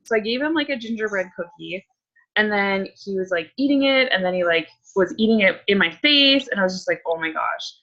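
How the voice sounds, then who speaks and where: A woman's voice: medium pitch, lively intonation, brisk, sharp tone, dull audio. A woman coach leading a casual group check-in, chatty and candid, full of likes and ums.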